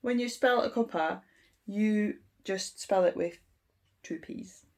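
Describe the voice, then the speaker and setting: A woman teaches an informal language lesson, walking through each point patiently and filling pauses with ums. She speaks slowly and deliberately. Her voice has a noticeable gravelly creak, and her pitch sits in a middle range. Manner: unhurried and explanatory, with frequent ums. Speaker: English teacher.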